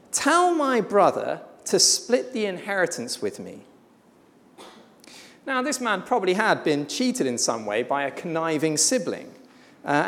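A preacher delivering a sermon in an emphatic, blunt way, slowing down for weighty pauses. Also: medium pitch. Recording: long hall reverb.

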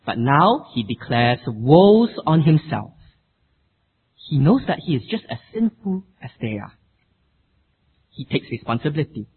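A man preaching a sermon with an emphatic, expressive delivery. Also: a little high, measured pace, long pauses, husky. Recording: tinny phone-like sound.

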